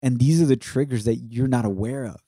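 A man in his thirties talks through a painful personal loss with a heartfelt, reflective manner, now and then slipping into Spanish phrases. His voice is mellow and warm in tone, recorded close and dry. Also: medium pitch, a little fast, breathy edge, dry recording. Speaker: podcast co-host. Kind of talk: emotional personal testimony.

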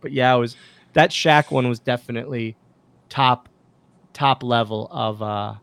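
Gravelly-voiced man telling wrestling stories. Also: mid-range voice, measured pace, no room sound. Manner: animated anecdotes, acts out quoted dialogue, many restarts. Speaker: guest, former pro wrestler and wrestling school owner. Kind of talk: casual interview storytelling. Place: podcast studio.

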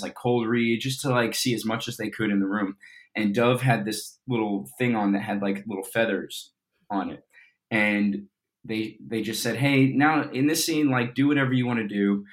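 A young man from Colorado, an actor guest, telling a story in a casual interview with lots of fillers. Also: on the low side. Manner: chatty, animated storyteller with fillers.

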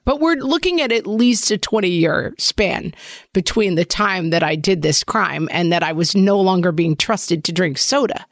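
A woman in her forties co-hosting a podcast, telling stories in a brisk, wry way. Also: medium pitch, dry recording, clean studio sound. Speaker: podcast co-host. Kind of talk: casual podcast chat.

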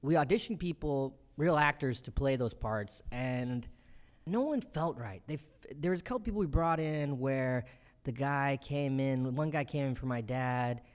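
A man in his thirties, a comedian being interviewed, telling quick, animated stories and acting out quotes. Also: mid-range voice, smooth. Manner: quick, animated storytelling with acted-out quotes and laughter. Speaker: comedian and show creator, guest. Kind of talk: casual interview.

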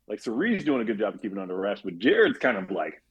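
A man talking as a podcast guest in casual chat, animated, laughing often and acting out quotes. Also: on the low side, quick pace, slightly rough, highs cut off.

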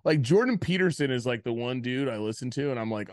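Animated swearing man on a podcast. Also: medium pitch, fast, no echo, studio quality. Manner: swearing, animated, mimics people mid-story. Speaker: podcast co-host. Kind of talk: casual podcast banter.

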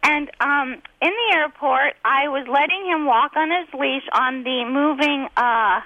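A woman's voice: high-pitched, unhurried, no echo, highs cut off. A middle-aged woman, a comedian guest, telling rambling, giggly anecdotes in casual chat.

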